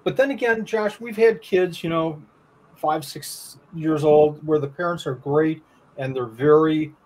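A man with a husky, slightly high voice chats as a guest about vending reptiles. He speaks earnestly and rambles a little, filling pauses as he thinks. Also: rough recording. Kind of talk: casual chat.

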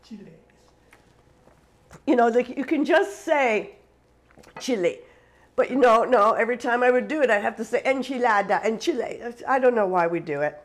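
Woman from canada, chatty cooking-stream host, fairly high voice, laughs a lot, talks to viewers while cooking. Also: animated, fairly quick, poor audio. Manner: chatty, laughs often, reads viewer comments aloud. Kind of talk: casual live-stream cooking chat.

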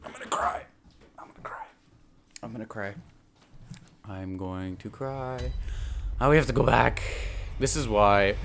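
A young man commentating his own gameplay, excitable and frustrated, swearing and talking back to enemies on screen. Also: on the low side, a little hiss or hum. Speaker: gaming channel host.

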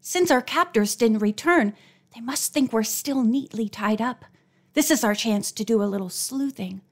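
Woman narrator doing a plucky young girl detective, excited and breathless, higher voice. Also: normal speed. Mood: eager.

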